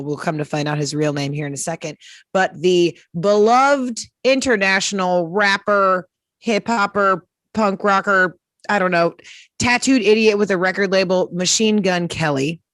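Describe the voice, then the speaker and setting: A woman's voice: fairly low pitch, fairly bright tone, dry recording, clean studio sound. A woman comedian hosting a live music interview show, rambling with self-deprecating jokes. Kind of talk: casual live-stream hosting banter.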